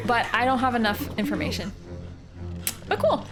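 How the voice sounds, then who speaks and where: A woman's voice: fairly high pitch, a little slow, soft background music. A woman from Canada, a streamer, thinking aloud in casual, playful live game commentary.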